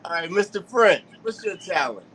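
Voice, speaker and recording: A man's voice: high-pitched, animated, normal speed, fairly bright tone, slight background noise, rough recording. A man hosting a casual panel chat, asking guests questions in an easygoing, teasing way. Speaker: host.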